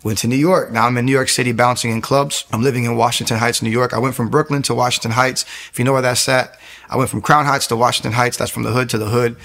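Talking fast in a gravelly, slightly bright, medium-pitched voice with fairly even intonation, a guest in his twenties from the US tells his personal testimony. The casual storytelling is earnest and rambling, full of restarts.

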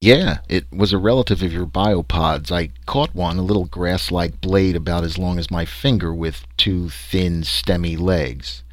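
A man's voice: low voice, steady tone, measured pace, hardly any pauses, dry recording. Man reading a wry sarcastic explorer. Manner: sarcastic, dry storytelling. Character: wry male explorer recounting his trek.

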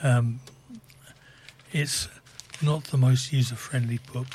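A man co-presenting on community radio, reading the news and dryly grumbling about books in a deadpan way. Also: medium pitch, slow pace, a little hiss or hum. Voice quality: husky. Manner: dry, fussy, deadpan. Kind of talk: casual radio chat.

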